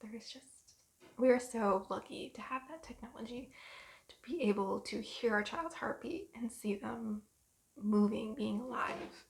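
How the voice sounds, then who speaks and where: A young woman in her twenties rambling through a personal story in a vlog, soft and emotional with many pauses and ums. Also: on the high side, gravelly. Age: 20s. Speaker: vlogger.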